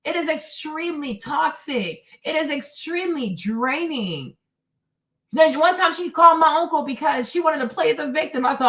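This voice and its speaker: A woman in her forties with a high voice hosts her own livestream. She talks in an emphatic, animated rant, one moment shouting and the next dropping into low asides. Her delivery is candid and unscripted. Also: normal speed. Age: 40s. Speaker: livestream host.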